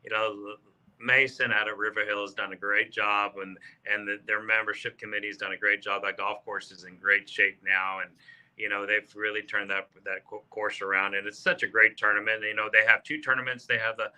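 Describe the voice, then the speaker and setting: Very bright-voiced storytelling golfer man. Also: lowish voice, a little fast. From South Texas. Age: 50s. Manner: animated storyteller, acts out quotes, many fillers. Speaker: podcast guest, golfer. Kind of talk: casual storytelling.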